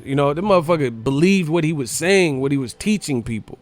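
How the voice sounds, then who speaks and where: A man hosting a live stream, giving casual boxing commentary in a profane, animated, mocking rant. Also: medium pitch, a little fast, soft background music. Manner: profane, animated, mocking ranting with frequent laughs.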